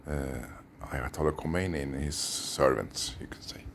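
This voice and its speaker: A man's voice: very deep voice, normal speed, a little hiss or hum. A man with a Swedish accent, a former therapist, delivering a rambling, intense monologue that sometimes drops into a whisper. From Sweden. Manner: intense, conspiratorial, lapsing into whispers.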